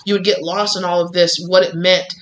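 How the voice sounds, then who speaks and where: A woman tarot reader sharing a casual spiritual message, chatty and animated, full of "like" and "you know". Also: on the low side, fairly quick, a little hiss or hum, poor audio.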